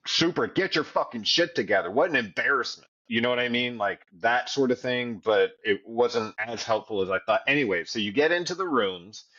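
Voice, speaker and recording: A man's voice: medium pitch, a bit bright, highs cut off. A man co-hosting a podcast, telling his story of getting sober in a blunt, profane way. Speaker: podcast co-host. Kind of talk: candid recovery podcast conversation.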